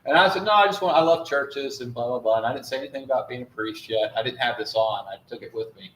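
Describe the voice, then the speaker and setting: A priest tells a church group a rambling, chatty travel story full of fillers, giving an informal slide talk in a church hall. His mid-range voice is quick and a bit bright. The room is echoey, with faint ambience and slight background noise.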